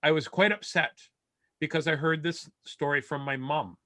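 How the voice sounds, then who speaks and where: A man with a fairly high, bright voice tells a long comic story about his family over a video call. He rambles along, stammers through restarts and laughs at his own punchlines. The sound is dry and close, with no room around it. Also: steady tone, normal speed, no room sound. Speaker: comedian.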